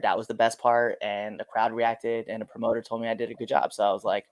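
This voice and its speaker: A man's voice: on the low side, fast talker, few pauses, no room sound. A man, a professional wrestler, telling casual stories in an interview and acting out what others said. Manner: animated storyteller, acts out quotes.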